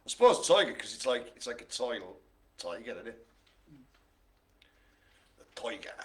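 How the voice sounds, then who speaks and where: A man's voice: lowish voice, slight background noise. A man hosting a live online bingo game, chatty and jokey, full of puns and asides. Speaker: bingo host.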